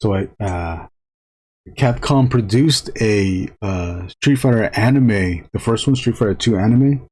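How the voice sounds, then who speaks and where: A man chatting casually to viewers while drawing on a live stream, rambling with frequent halting restarts. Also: lowish voice, a little mellow, slightly rough.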